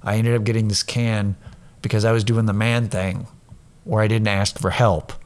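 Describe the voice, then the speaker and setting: A man's voice: lowish voice, flat delivery, normal speed. A man telling a casual, profane, self-mocking story about his day.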